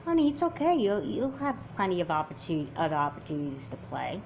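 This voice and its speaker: A woman voicing a gentle, caring mother who coaxes her upset daughter in an amateur doll movie. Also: fairly low pitch, very animated, brisk, muffled recording, a little hiss or hum. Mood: comforting. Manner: soothing, coaxing.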